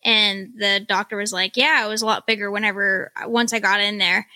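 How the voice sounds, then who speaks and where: A woman's voice: medium pitch, fairly even intonation, a little fast, bright, forceful tone, no room sound. A woman co-hosting a podcast, telling rambling, self-mocking stories in casual chat. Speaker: podcast co-host.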